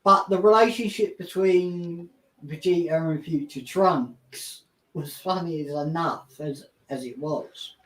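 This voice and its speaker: A man's voice: a little high, slow pace, a bit bright. A man hosting a casual podcast chat, laid-back and rambling with chuckles. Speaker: podcast host. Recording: roomy echo.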